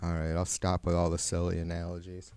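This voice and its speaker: A man hosting a livestream, ranting with heavy swearing and sarcasm, rambling and getting louder when worked up. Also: low voice, monotone, brisk, smooth, no room sound. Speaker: livestream host. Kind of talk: profane political rant.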